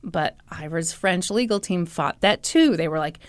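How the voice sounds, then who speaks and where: A woman's voice: on the low side, moderate pace, clear, resonant tone, dry recording, studio quality. A woman hosting a podcast, casually retelling a true-crime story with sarcasm and frequent swearing. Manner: profane, sarcastic, animated retelling. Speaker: podcast host.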